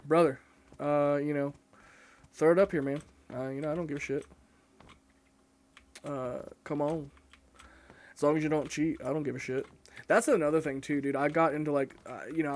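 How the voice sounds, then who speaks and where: A young man chatting casually and rambling while he streams a game, cursing often and mocking himself. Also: mid-range voice. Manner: rambling, profane, self-mocking. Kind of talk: casual live-stream chat while gaming.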